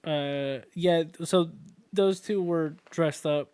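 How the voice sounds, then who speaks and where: A man's voice: on the high side, slow, darkish tone, clear, resonant tone. Profane rambling man in his twenties. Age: 20s. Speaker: podcast co-host. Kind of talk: casual chat.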